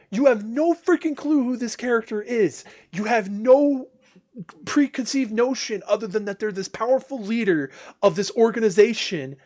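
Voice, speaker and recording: A man streaming a game, ranting casually and crudely with many restarts and exasperated outbursts. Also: high-pitched. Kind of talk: casual ranting chat while gaming.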